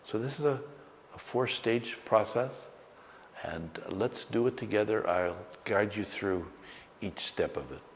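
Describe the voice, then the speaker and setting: Deep-voiced man guiding a slow meditation. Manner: slow, calm, with long pauses. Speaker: meditation teacher. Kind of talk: guided meditation. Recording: long hall reverb, faint background noise.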